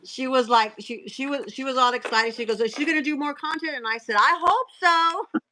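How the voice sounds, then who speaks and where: A woman hosting a casual live stream, reading out cards and messages in a chatty way with filler pauses. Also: sits high, fairly even intonation, sharp tone, poor audio.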